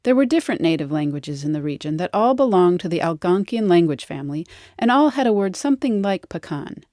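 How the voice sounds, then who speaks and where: A woman narrates a scripted educational explainer with wry, lightly playful delivery. Her voice sits on the low side with big pitch swings, runs a little fast, and sounds warm, captured on a close studio mic with no echo.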